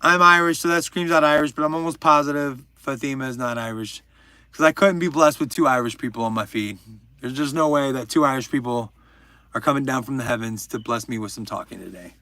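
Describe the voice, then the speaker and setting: A man's voice: mid-range voice, a little fast, bright, forceful tone, no room sound. A young man hosting a livestream, chatting casually and joking while reading out viewers' names. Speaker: livestream host.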